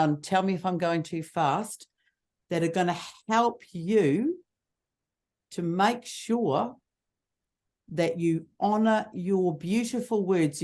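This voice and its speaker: A woman teaching public speaking, showing voice techniques with lively examples. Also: lowish voice. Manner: expressive, demonstrates voice techniques. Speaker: speaking coach. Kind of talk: teaching on a video call.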